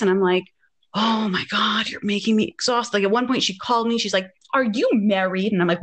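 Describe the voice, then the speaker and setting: A woman's voice: mid-range voice, fairly quick. A woman in her thirties hosting a podcast, casually telling a story and acting out the quoted dialogue. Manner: animated, acts out quoted dialogue. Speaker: podcast host.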